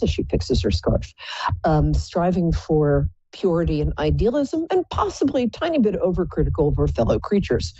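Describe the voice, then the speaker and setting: A woman's voice: low-pitched, mellow, slightly rough, dry recording, lo-fi sound. A woman hosting a live psychic call-in show, chatting in a playful, rambling, self-mocking way. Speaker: psychic radio show host.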